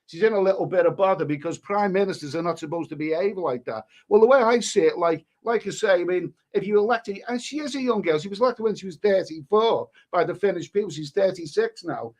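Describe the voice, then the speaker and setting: A man's voice: sits high, quick pace, few pauses, a little mellow. A man, hosting a live stream and rambling through crude commentary with many restarts. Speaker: livestream host.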